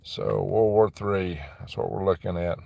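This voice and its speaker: A middle-aged man with a low, steady, creaky, mellow voice hosts a casual livestream from a dim room on his property. He reads the chat and rambles through his responses with quick laughs. There's no echo.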